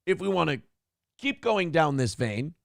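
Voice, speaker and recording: A man's voice: fairly high pitch, sing-song, unhurried, creaky, dry recording, clean studio sound. A male morning show host in casual talk-show banter, ranting and swearing freely. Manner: profane, ranting.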